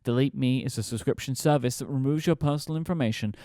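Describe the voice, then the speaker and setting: A man's voice: medium pitch, fast talker, mellow, no echo. A man co-hosting a podcast, making dry, wry comments in casual chat and reading an ad. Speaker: podcast co-host.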